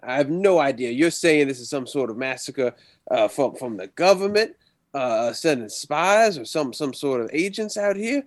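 A man doing a gruff drawling rancher. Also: fairly low pitch, darkish tone, dry recording. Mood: alarmed. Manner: drawling, halting put-on Southern accent. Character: gruff Texan rancher man with a shotgun, stern.

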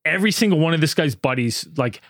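A high-pitched young man spins a rowdy bar story for his friends, jumping into other people's voices and cracking himself up along the way. His voice sits close and dry, with no room around it. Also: fast talker, no room sound. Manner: animated, acts out voices while telling a story, laughs often. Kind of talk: casual podcast banter.

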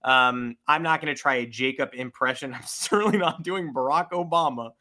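A man's voice: medium pitch, normal speed, sharp tone. A man hosting a baseball podcast, chatting loosely and joking with plenty of fillers. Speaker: podcast host. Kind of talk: casual baseball podcast chat.

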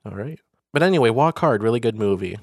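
A man with a mid-range voice chats on a podcast in a relaxed, self-deprecating way and makes dry jokes as he goes. The sound is dry and close, as if over an online call. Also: mid-range voice, fast talker, dry recording. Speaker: podcast co-host. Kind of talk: casual chat.

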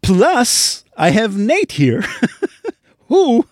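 A man's voice: extremely high pitch, huge pitch swings, drawn-out words, darkish tone, no echo, studio quality. A man with a Hebrew accent, a podcast host chatting on a live panel, often laughing as he talks.

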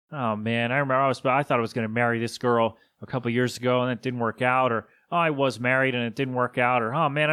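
A man's voice: mid-range voice, a bit bright, dry recording, studio quality. A man hosting a solo podcast, telling stories in a rambling, casual way full of fillers and restarts. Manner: rambling, casual, many fillers and self-corrections. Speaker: podcast host.

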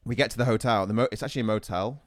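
A man's voice: mid-range voice, no echo, clean studio sound. Young man telling a rowdy story. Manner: animated, swearing, quick retorts. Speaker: podcast host. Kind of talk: casual storytelling chat.

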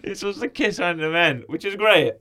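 A man's voice: high-pitched, lively intonation, moderate pace, sharp tone. A man casually chatting as a podcast co-host, laughing often and acting out film quotes. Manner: laughs often, acts out quotes in a put-on accent. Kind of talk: casual chat, retelling film scenes.

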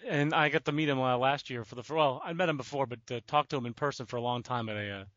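A man's voice: medium pitch, fast, dry recording, lo-fi sound. Laid-back man chatting on a podcast. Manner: relaxed, many fillers. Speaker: podcast host. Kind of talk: casual podcast chat.

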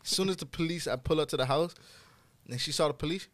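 This is a young man talking fast on a casual podcast, recounting a wild story full of profanity. When the excitement hits, he gets loud and his pitch shoots up.

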